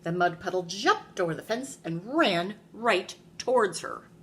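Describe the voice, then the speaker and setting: A preschool teacher, a woman, reads a picture book aloud to young children in an animated storytelling voice. She pauses to ask them questions as she goes, at a middle pitch. Faint room noise sits behind her. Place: classroom.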